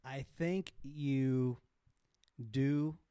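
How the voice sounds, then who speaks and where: A man in his forties, a podcast guest telling candid stories in casual interview talk and growing animated as he recalls events. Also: medium pitch, very slow, clear, resonant tone, no room sound. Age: 40s. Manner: candid storytelling, animated when retelling a scene. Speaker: podcast guest, motocross team owner.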